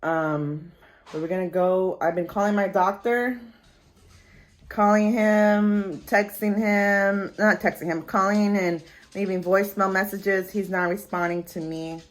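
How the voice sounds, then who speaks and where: A woman's voice: medium pitch, steady tone, measured pace. Upset woman venting to camera. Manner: upset, rambling, swears freely. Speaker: vlogger. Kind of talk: casual personal vlog, venting. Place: at home, dog nearby.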